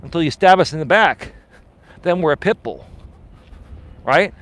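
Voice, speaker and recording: A man's voice: fairly high pitch, expressive, moderate pace, a bit bright. A man coaching on a live stream while he walks outdoors, reading chat aloud and answering it in a passionate, emphatic, argumentative way. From Greek heritage. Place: outdoors on an urban street, walking.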